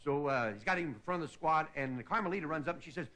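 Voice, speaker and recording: A man's voice: a little high, expressive, quick pace, pushed and bright. A middle-aged man from Indiana, a comedian hosting his show, telling a stand-up story in a folksy way and tagging his lines with "see?". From Indiana, USA. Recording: noisy 1960s TV broadcast recording.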